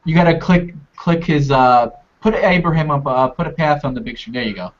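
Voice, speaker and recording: A man's voice: fairly high pitch, fairly quick. Brief: easygoing, helpful man with a mid-range voice, muffled call audio. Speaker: Bible study participant. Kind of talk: casual group discussion.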